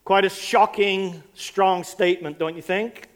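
A man's voice: high voice, fairly even intonation, measured pace. A man preaching a sermon, talking conversationally and putting rhetorical questions to his listeners.

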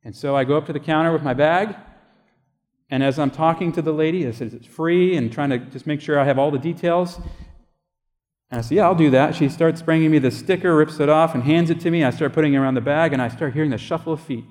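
A man's voice: a little high, fast, a little mellow. A male pastor preaching a sermon, telling a personal story in a conversational way and acting out the voices of people in it. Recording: long hall reverb.

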